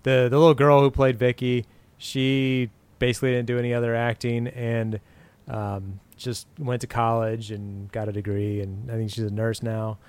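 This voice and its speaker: A man's voice: mid-range voice, flat delivery, normal speed, a little mellow, smooth. Rambling man recounting old TV trivia. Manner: rambling, recounts trivia with frequent fillers and restarts. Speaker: podcast co-host. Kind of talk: casual chat about an old TV show.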